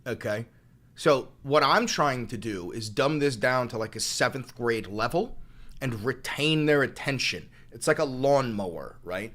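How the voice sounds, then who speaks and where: A man with a New York accent rants at his live chat, swearing freely and sneering sarcastically. His voice is bright and forceful, pushed hard at the listener. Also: mid-range voice, animated, a little slow. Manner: profane, ranting, sarcastic. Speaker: streamer.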